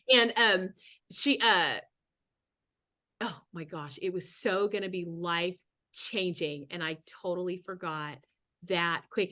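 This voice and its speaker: A woman's voice: fairly low pitch, sharp tone. Chatty, rambling middle-aged woman. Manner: chatty and rambling, with many restarts. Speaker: guest speaker on a sales team call. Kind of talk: casual motivational talk.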